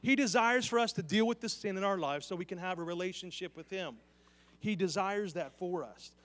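A high-pitched male pastor delivers an earnest sermon and keeps turning to the congregation with direct questions. His voice rings out through the long echo of a church hall. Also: a little fast, fairly bright tone. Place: church sanctuary.

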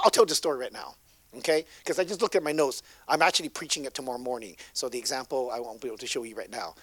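Animated male preacher telling a story. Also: on the high side, no room sound. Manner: animated, swings from loud to hushed. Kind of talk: sermon storytelling.

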